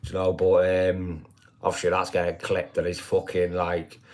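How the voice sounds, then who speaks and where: An older man holds forth in a loose, rambling live-stream chat. His voice sits on the low side, and he swears freely and keeps checking in with "do you know what I mean.". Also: completely flat delivery, moderate pace, a little mellow.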